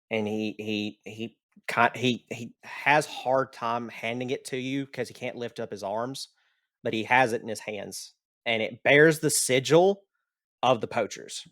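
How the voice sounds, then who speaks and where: A man narrating a tabletop game as game master, in a slow and rambling way with restarts. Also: mid-range voice, fairly bright tone.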